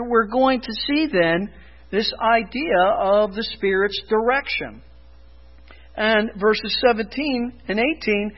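A man preaching a sermon as pastor, emphatic, rising loud for emphasis and dropping low. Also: lo-fi sound.

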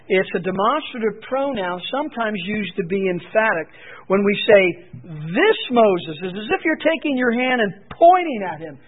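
High-voiced preacher on tinny radio. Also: male voice. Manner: rises to emphatic, dramatic readings of scripture. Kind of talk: expository sermon. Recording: tinny phone-like radio broadcast.

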